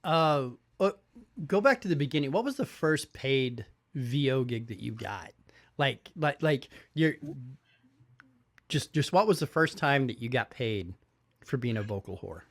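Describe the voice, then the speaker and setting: A man's voice: medium pitch, expressive, a little slow. A man hosting a podcast who asks crude, joking questions and stumbles over his words. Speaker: podcast host. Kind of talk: casual interview questions.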